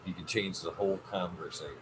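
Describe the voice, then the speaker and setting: Man, deep voice, podcast host, easygoing rambling chat, cursing, noisy background. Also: quick pace. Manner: relaxed, rambling, swears freely. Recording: steady background noise.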